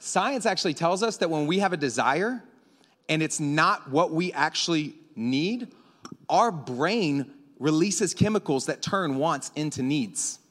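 High-voiced preacher man, echoing hall. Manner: animated, bursts into yelling. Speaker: pastor. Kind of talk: sermon. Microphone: microphone. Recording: reverberant hall.

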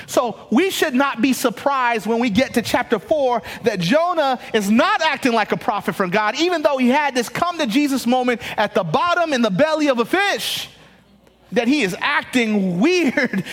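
A man preaching a sermon in an animated way, with laughing asides and frequent restarts. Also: extremely high pitch. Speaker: pastor.

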